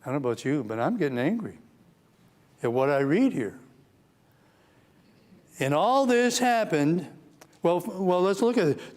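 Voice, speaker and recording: Male pastor teaching a church class, slightly high voice, earnest, slows for scripture and sinks quiet and grave. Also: clean tone. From United States. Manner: earnest, reads scripture slowly, drops to a low somber tone. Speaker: pastor teaching Sunday school. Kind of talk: Bible teaching sermon.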